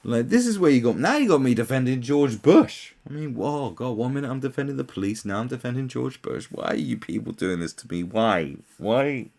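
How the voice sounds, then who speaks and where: A man's voice: mid-range voice, lively intonation, a little fast, gravelly, hardly any pauses, darkish tone. Guy ranting on his vlog, swears a lot, sarcastic, voice jumps all over. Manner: profane, sarcastic, exasperated. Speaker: commentary channel host. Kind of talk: ranting commentary.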